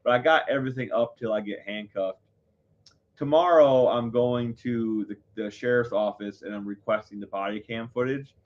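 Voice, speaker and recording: Guy ranting to his viewers, swears a ton, rambly, kinda dull lo-fi sound. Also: fairly low pitch. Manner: heated, profane, rambling. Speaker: live show host. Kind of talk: casual storytelling to viewers. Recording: dull lo-fi audio.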